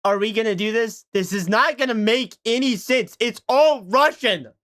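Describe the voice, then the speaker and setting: A man's voice: high-pitched, normal speed, fairly bright tone, clean tone. A man livestreaming in casual chat, talking to his viewers in a self-mocking way from his home setup into a desk microphone. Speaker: streamer.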